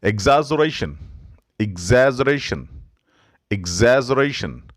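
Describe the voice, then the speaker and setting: A man with an Indian English accent teaching pronunciation, slowly repeating each word as a drill. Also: medium pitch, big pitch swings. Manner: slow, instructive, repeats words for drill. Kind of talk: pronunciation lesson.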